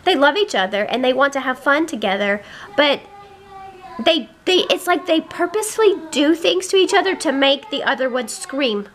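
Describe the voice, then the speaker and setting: A woman's voice: high-pitched, animated, normal speed, a little hiss or hum. A woman in her thirties, a busy mom, chatting casually to the camera about her day, rambling and fed up with her squabbling kids. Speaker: family vlogger, mom. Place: family home. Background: children squealing and yelling.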